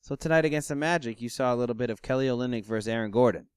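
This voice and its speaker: A man in a relaxed sports chat, joking and steering the talk with quick questions. His voice is smooth and resonant, mid-pitched, recorded dry and close with no room sound. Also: no room sound. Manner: loose, joking, leads the questions. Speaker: podcast co-host.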